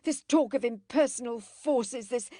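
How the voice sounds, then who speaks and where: A woman reading an audiobook, voicing an impulsive, furious young woman who shouts in sharp high bursts. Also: a little slow, dry recording, studio quality. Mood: frantic, indignant. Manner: shrill, shouting.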